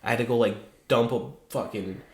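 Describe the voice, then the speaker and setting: A man's voice: medium pitch, steady tone, brisk. A young man co-hosting a podcast, telling rambling stories in casual chat, swearing often and laughing as he goes. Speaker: podcast co-host. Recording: roomy echo.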